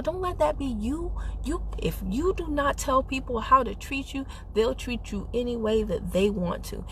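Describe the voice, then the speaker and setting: A woman's voice: on the high side, a bit bright, a little hiss or hum. A woman giving an emphatic, sassy motivational talk on a live stream, speaking into a phone while driving her car. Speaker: network marketing team leader.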